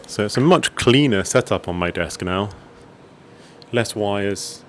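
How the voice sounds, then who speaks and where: A man's voice: on the low side, animated, measured pace, slight background noise. A man casually talking through his gaming and streaming desk at home, rambling a little with fillers and restarts. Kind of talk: casual desk setup tour. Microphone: desk microphone on arm.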